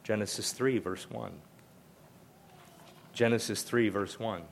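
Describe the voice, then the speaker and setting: A man's voice: fairly low pitch, steady tone, slow, gravelly, slight background noise. An older man preaching a sermon, emphatic and conversational, often repeating himself for emphasis. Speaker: pastor.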